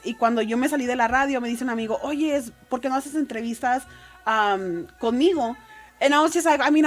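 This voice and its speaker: A woman, a podcast guest telling long casual anecdotes with plenty of fillers. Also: a little high. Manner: chatty, code-switching anecdotes with many fillers.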